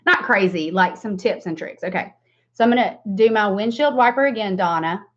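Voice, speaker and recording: Speaking a little fast with a fairly bright, mid-range tone, this forties-aged makeup vlogger from the American South chats through a relaxed livestream tutorial. She calls out viewers by name and laughs often over dull, lo-fi sound.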